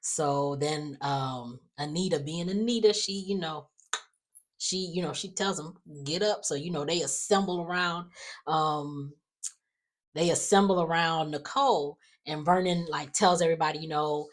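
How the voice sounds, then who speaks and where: Low-voiced woman recapping her soaps, rambling and chatty, doing the lines. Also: moderate pace. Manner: chatty, many fillers and restarts, acts out quotes. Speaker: soap opera recap vlogger. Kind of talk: casual episode recap.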